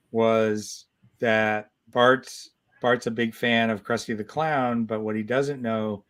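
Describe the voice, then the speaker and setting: Man in his sixties telling stories. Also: medium pitch. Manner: animated storyteller, many restarts. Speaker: guest comic artist. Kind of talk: casual storytelling interview.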